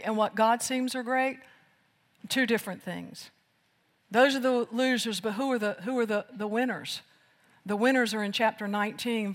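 A preacher delivering an emphatic sermon, moving from loud declarations to hushed lines. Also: medium pitch. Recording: long hall reverb.

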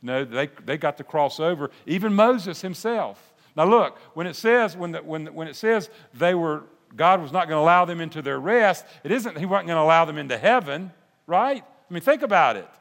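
An older man preaching a sermon, folksy and animated, with restarts and asides. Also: on the high side, normal speed, creaky. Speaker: pastor. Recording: long hall reverb.

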